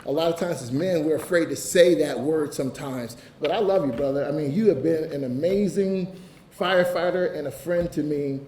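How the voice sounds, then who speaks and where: A man's voice: a little high, normal speed, darkish tone. A man giving an emotional, earnest speech as fire chief at a ceremony, often saying "you know". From Ohio, United States. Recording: echoey room, distant mic, faint hiss.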